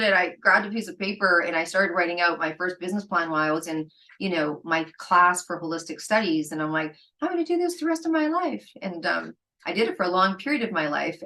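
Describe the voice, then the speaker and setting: A woman's voice: fairly low pitch, a bit bright, low-quality recording. A middle-aged woman hosting a solo podcast, talking candidly and conversationally, sometimes acting out what her friends said. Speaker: podcast host.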